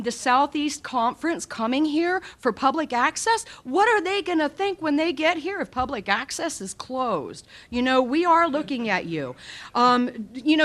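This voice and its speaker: A woman giving an emotional, heated public comment at a county meeting podium, speaking in halting bursts. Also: high-pitched, a bit bright. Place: county commission meeting room.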